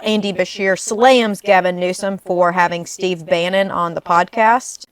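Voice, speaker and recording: A woman's voice: medium pitch, no room sound. A woman co-hosting a casual political podcast and leading the segment in a chatty way. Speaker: podcast co-host.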